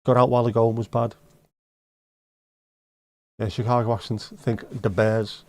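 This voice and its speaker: A man's voice: mid-range voice, little pitch movement, a little slow, darkish tone, a little hiss or hum. Sweary Scouse man on a livestream. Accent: Liverpool (Scouse). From Liverpool, England. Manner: blunt, sweary banter with dry jokes. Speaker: livestream host. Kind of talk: casual chat answering viewer comments. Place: home livestream setup.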